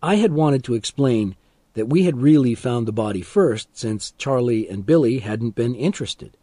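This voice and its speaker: A man narrating an audiobook of a graded reader in a slow, deliberate and expressive style. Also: medium pitch, no room sound.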